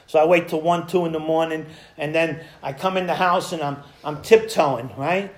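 A man's voice: a little high, steady tone, moderate pace. A man sharing his personal recovery story at a meeting, talking conversationally, acting out old conversations and chuckling at himself. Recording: echoey room.

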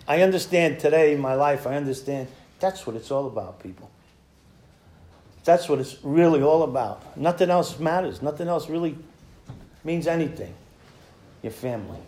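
High-voiced man telling his story in an echoey room. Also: mellow. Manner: conversational storytelling, acts out past dialogue, chuckles at himself. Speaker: speaker sharing a recovery story. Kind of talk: personal testimony at a recovery meeting.

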